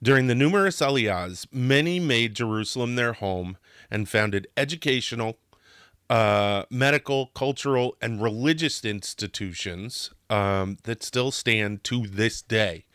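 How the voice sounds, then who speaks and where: A man's voice: medium pitch, unhurried, a bit bright, clear, resonant tone, no room sound. Passionate man narrating history, dry sound. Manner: passionate, gets worked up, swears, restarts sentences. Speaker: history podcast host.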